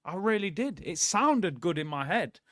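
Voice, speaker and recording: A man's voice: sits high, big pitch swings, moderate pace, fairly bright tone, no echo, clean studio sound. A man hosting a live football watchalong, talking casually and giving blunt opinions straight to his viewers. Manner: casual, opinionated, conversational, addresses viewers directly. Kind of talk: live watchalong commentary, reading out chat.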